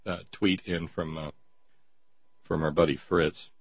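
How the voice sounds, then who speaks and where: A man's voice: a bass voice, little pitch movement, unhurried, breathy edge, dry recording. A man hosting a talk show, mocking his topics in casual sardonic commentary and reading listener notes aloud. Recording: dull lo-fi sound.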